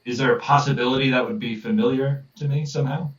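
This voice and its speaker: A man's voice: medium pitch, fairly even intonation, fast talker. A man playing in a tabletop game, talking casually and asking tentative questions. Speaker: player. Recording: roomy, distant lo-fi voice chat.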